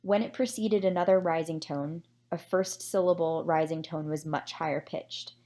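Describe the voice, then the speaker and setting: Lower-voiced woman presenting research. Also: fairly even intonation, mellow. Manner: measured, explanatory, with occasional fillers. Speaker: presenter summarizing a research paper. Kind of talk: scripted academic presentation.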